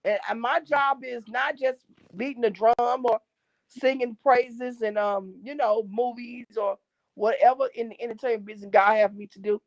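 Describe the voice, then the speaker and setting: Brief: middle-aged woman, gospel guest, emphatic preachy testimony, somewhat high voice, dull lo-fi line. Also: fairly even intonation, moderate pace. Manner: preachy, emphatic, repeats key phrases. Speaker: gospel singer and drummer, guest. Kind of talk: casual interview, faith testimony. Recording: dull dry lo-fi recording.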